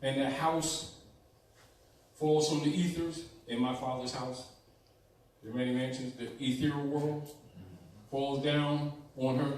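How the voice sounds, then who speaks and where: A man's voice: medium pitch, level tone, unhurried, long pauses, a little mellow. Emphatic male lecturer in an echoey room. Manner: emphatic, repeats points, asks "right?". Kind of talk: teaching lecture. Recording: echoey room from far off, faint noise.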